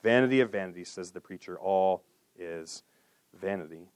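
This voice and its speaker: A man preaching a sermon in an earnest way, dropping to a hushed voice on solemn lines and lifting for emphasis. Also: moderate pace, clear, resonant tone, no room sound. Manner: earnest, with drops to a hushed low voice and lifts for emphasis. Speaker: pastor.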